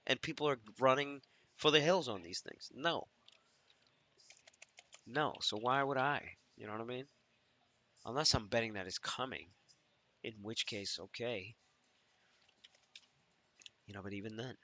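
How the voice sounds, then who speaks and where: A man's voice: mid-range voice, unhurried, long pauses, bright, forceful tone. A man hosting a live trading stream, thinking aloud and swearing as he mutters to himself.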